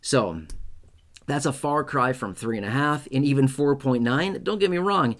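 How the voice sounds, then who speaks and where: A man with a mid-pitched voice hosts an online explainer, talking straight to his viewers about their comments. He makes his points emphatically, repeats key lines, and keeps checking in with a quick "okay?". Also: lively intonation, fairly bright tone. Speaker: YouTube host on retirement benefits. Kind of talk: direct-to-camera explainer talk.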